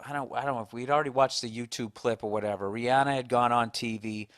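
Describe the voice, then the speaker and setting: Brief: profane ranting male host, mid-pitched, dry studio sound. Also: fairly even intonation, fast talker, a bit bright, clean tone, no echo. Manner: blunt, profane, ranting, self-mocking. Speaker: podcast host. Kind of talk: casual chat.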